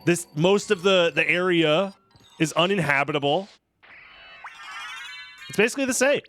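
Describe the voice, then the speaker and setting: A man's voice: high-pitched, normal speed, fairly bright tone, soft background music. An American man commentating a live-stream game run, joking and sarcastic as he chats with viewers. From United States.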